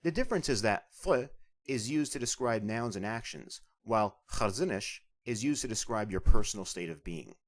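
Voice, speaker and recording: A man narrates a scripted beginner language lesson. He explains each point clearly and patiently. His pitch moves widely and his tone stays lively as he guides the learner. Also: normal speed. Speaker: language instructor.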